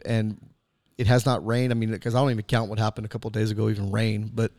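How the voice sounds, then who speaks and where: A man's voice: lowish voice, level tone, fast talker, a little mellow, no room sound. Dry-voiced man, drawling radio chat. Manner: drawling, repeats "I mean" a lot, teasing. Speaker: co-host.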